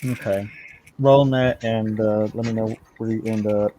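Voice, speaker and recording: A man's voice: fairly low pitch, steady tone, normal speed, dark tone, a little hiss or hum, low-quality recording. A man narrating as game master of a tabletop game, often stumbling over repeated words.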